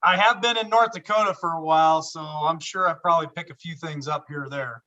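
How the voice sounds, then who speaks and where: Bright-voiced friendly man from Idaho. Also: on the high side, a little fast, dull audio. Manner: friendly, encouraging. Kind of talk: casual chat. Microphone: video call.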